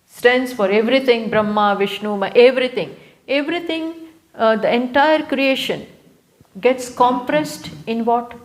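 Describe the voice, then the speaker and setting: A woman with an Indian English accent giving a live scripture lecture as a spiritual teacher, unhurried and repeating key phrases for emphasis. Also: a little high. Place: live talk venue.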